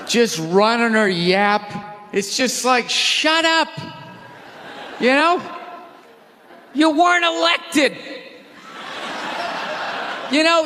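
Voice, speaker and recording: Guy ranting on stage, high pitch, drawn-out pace, big theater echo. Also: slight background noise. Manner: loud, exasperated, profane ranting. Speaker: stand-up comedian. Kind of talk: live stand-up rant. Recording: theater reverb with faint crowd.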